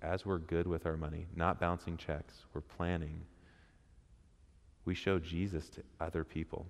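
A man preaches to a men's church gathering in a very low voice. He keeps it conversational, throwing questions to the room and acting out little quotes. His words ring out with a long hall reverb. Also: flat delivery, unhurried. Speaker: speaker at a men's church group. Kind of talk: interactive sermon with questions to the audience.

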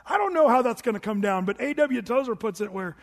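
A pastor with a very high, expressive voice preaches fast to a congregation, telling stories conversationally and asking them questions. The church hall gives the recording a long, reverberant echo.

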